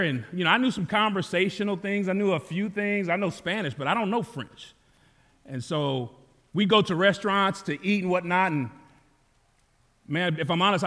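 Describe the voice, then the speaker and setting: High-voiced American pastor preaching. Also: male voice, fairly bright tone, in a large hall. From United States. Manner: storytelling, rising to fervent calls. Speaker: campus pastor. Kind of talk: sermon. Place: church sanctuary.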